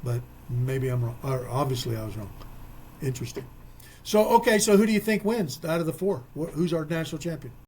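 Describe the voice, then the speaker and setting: A man's voice: on the high side, expressive, a little fast, a little mellow, a little hiss or hum. Chatty folksy male sports radio host. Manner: chatty, folksy, rambling asides. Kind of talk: casual sports talk.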